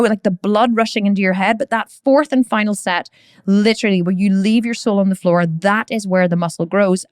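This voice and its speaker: Chatty female podcast host, mid-range voice, lively storytelling, dead-dry room sound. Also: mid-range voice, dry recording. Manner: animated storyteller, acts out shouts and strain; chatty, frequent fillers like "you know" and "right".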